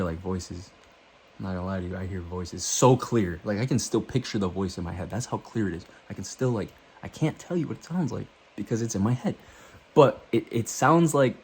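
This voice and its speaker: A man's voice: fairly low pitch, breathy edge. A man vlogging, telling a loose, profane story to the camera and acting out what he thought and said.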